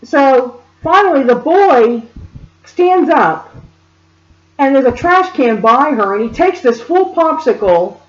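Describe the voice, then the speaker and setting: A woman speaker telling a story in an animated way and speaking directly to her listeners. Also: high voice, takes it slowly. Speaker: spiritual reader and speaker. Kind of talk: storytelling monologue. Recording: roomy, dull lo-fi sound.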